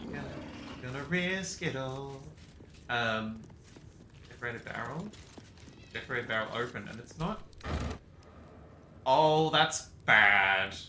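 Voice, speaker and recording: A man streams a game in slow, easygoing commentary, his voice rising and falling a lot as he muses aloud. The sound is roomy, and game music plays clearly behind him. He drifts between reading items and talking to his cat. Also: mid-range voice, animated, noisy background. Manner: chatty, meandering, talks to his cat. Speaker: gaming streamer. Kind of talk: casual let's-play commentary.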